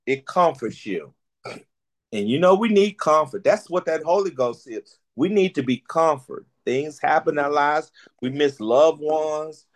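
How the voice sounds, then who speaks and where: A man preaching a sermon, lively and preacherly, repeating phrases for emphasis. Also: on the high side.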